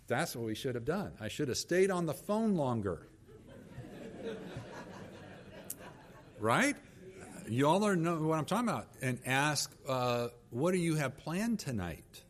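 A man's voice: medium pitch, lively intonation, normal speed. A middle-aged male pastor preaching, telling a story about his wife and kids and acting out their lines of dialogue. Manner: storytelling, acts out quoted dialogue. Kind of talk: sermon with personal story.

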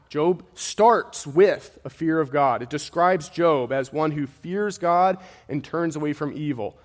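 Male preacher, unhurried emphatic sermon delivery, long reverb from a large hall. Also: medium pitch. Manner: emphatic, repetitive preaching with rising and falling intensity.

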